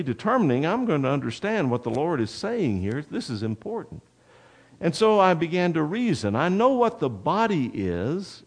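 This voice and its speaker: A male pastor delivers a sermon in a lively, swooping voice that sits a little high for a man. He speaks slowly and leans in toward his listeners with a folksy, direct manner, drawing out an anecdote. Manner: folksy, addresses the congregation directly. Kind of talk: sermon with storytelling.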